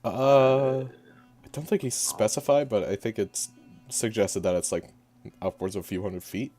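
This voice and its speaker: A man's voice: lowish voice, steady tone, unhurried, warm tone, faint music behind. A man chatting casually during an online tabletop game, joking, swearing and laughing often. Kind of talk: casual chat over voice call.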